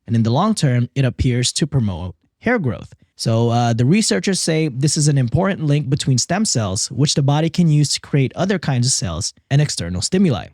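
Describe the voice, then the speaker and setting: A man's voice: mid-range voice, very animated, moderate pace, few pauses, a little mellow, dry recording, clean studio sound. A man hosting a casual podcast, reading facts aloud and joking about them between quotes. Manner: joking, reads quotes then riffs on them. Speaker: podcast host.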